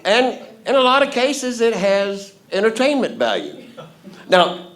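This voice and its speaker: A man's voice: sits high, wildly swooping pitch, measured pace, a bit bright. Folksy man telling stories on stage. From Fort Worth, Texas. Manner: folksy, playful, leads audience call-and-response. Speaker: storyteller host. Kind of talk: live stage storytelling. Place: theatre stage before a live audience.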